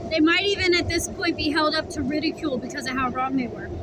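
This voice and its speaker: Blunt, high-voiced woman reading tarot. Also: steady tone, fast talker, background noise. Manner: blunt, profane, emphatic, chewing while talking. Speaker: tarot reader. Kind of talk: casual tarot reading vlog.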